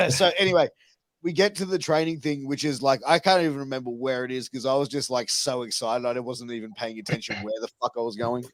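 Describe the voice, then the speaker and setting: A man's voice: medium pitch, fairly even intonation, brisk, no echo. A man, hosting a podcast and telling a long, sweary, rambling story. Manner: swearing, rambling anecdotes with acted quotes. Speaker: podcast host. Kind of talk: casual storytelling.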